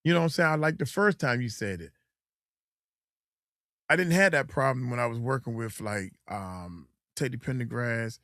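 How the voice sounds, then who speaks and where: A man's voice: mid-range voice, animated, moderate pace, fairly bright tone, no room sound, clean studio sound. A middle-aged man, chatting loosely as a coach and host, often acting out quotes in mocking voices. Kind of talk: casual livestream chat.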